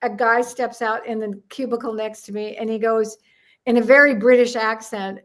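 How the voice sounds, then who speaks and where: Lively older American woman, higher voice. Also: normal speed. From United States. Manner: animated, acts out voices in her stories. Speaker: guest, numerologist. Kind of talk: storytelling in a chat interview.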